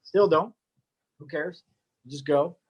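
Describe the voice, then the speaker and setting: A man's voice: on the high side, a little slow, breathy edge. A middle-aged man casually telling his story as a cigar maker, rambling with joking asides and lots of fillers.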